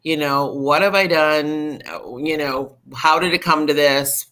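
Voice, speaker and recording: A middle-aged woman, a podcast guest, candidly telling a personal recovery story in an animated way, full of fillers. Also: sits low, a little slow.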